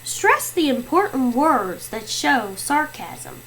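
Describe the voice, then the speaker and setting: A woman's voice: high-pitched, big pitch swings, takes it slowly, fairly bright tone, a little hiss or hum, poor audio. A woman teacher giving reading fluency tips in an instructive way.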